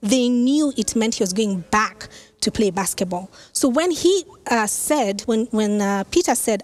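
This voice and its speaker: A woman pastor preaching a sermon who tells the story in a lively, conversational way with casual asides. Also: on the high side, normal speed. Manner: animated storytelling, acts out quoted lines.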